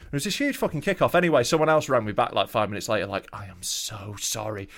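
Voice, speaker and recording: A man co-hosting a comedy podcast, telling stories in a quick-tempered, swearing way. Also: mid-range voice, sing-song, fairly bright tone. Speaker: podcast co-host. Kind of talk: casual comedy chat.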